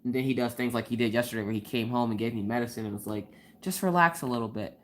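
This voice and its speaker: A chatty young woman hosting a casual craft live stream, her voice sitting low for a woman. She giggles a lot and bounces into quoted voices while she tells her stories. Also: level tone, rapid-fire, darkish tone, slight background noise. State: recovering from a cold. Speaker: livestream host.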